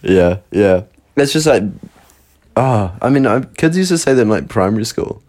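A man on a casual podcast. His voice is fairly low but moves a lot in pitch. He laughs often and swears easily. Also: animated, normal speed, a little mellow. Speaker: podcast co-host. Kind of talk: casual chat.

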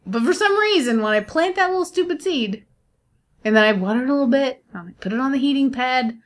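A woman co-hosting a podcast in casual chat, talkative and animated and often laughing. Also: high voice, brisk. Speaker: podcast co-host.

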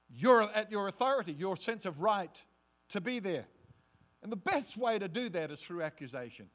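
A male pastor delivers a sermon, voicing the quotes he cites in different characters and dropping to a low hush to drive points home.

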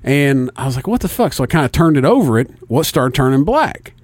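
A man's voice: mid-range voice, a little fast, no room sound, clean studio sound. A man telling a story in casual chat, swearing often and acting out both sides of the conversation. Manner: profane, animated storytelling.

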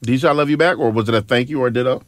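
A man's voice: medium pitch, racing, background noise. A man hosting a casual podcast chat, telling stories and asking pointed questions. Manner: storytelling, asks pointed questions. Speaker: podcast host.

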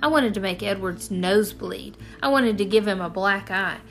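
A woman reads a storybook chapter aloud as a first-person narrator. Her voice sits in a medium register, steady and even as she tells the story, and soft music plays faintly underneath. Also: medium pitch, normal speed. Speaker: audiobook narrator.

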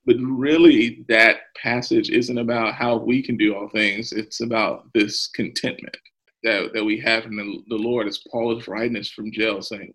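A man's voice: on the low side, little pitch movement, moderate pace, fairly bright tone, low-quality recording. A man, a pastor, speaking earnestly and openly in a podcast interview about his faith and hard times, with a nervous laugh now and then.

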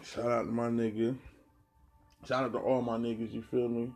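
A man's voice: medium pitch, level tone, normal speed, darkish tone, soft background music. A man from New Jersey talking in a casual monologue, ranting bluntly with heavy slang and a lot of repetition. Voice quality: gravelly, husky.

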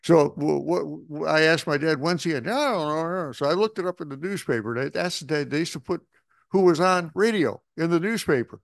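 Gravelly older man telling stories. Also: a little high, brisk, no room sound. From Connecticut. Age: 70s. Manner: animated, acts out voices in his stories. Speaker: guest, veteran radio newsman. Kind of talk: storytelling anecdotes.

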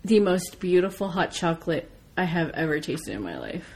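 An American woman chatting casually, telling a lively story and swearing freely. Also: fairly low pitch, moderate pace, slightly rough. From United States. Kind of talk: casual chat.

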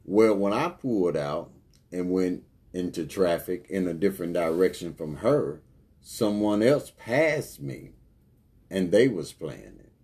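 A man hosting a podcast in an earnest, unhurried, thankful way. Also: sits low, expressive, dark tone, husky. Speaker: podcast host. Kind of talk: casual podcast talk.

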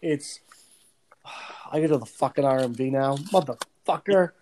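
A man in his 40s tells animated, profanity-heavy stories in a casual podcast chat, laughing at his own humor. His mid-range voice moves at a moderate pace, and the rough recording has a little hiss or hum.

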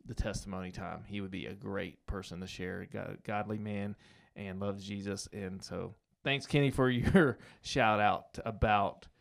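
A man hosting a podcast in casual chat, relaxed and chuckling, with asides that trail off. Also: on the low side, a little slow, gravelly, hardly any pauses. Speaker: podcast host.

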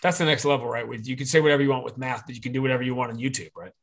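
As a podcast guest in a casual conversation, this man speaks rapid-fire at a middle pitch, his fairly bright tone touched with vocal fry. He's rambling and opinionated, restarting often and correcting himself while working through his point.

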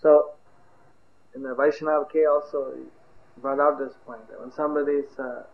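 A man giving a sermon, telling a story in an animated way and shouting out the characters' cries. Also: a little high, normal speed, slight background noise. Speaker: preacher. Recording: tinny phone-like recording in an echoey hall.

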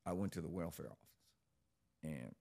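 A middle-aged man tells his story in a relaxed, profanity-laced street manner. His voice sits very low with a gravelly edge of fry. He talks casually to an interviewer. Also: normal speed. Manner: profane, laid-back street talk. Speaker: interview guest.

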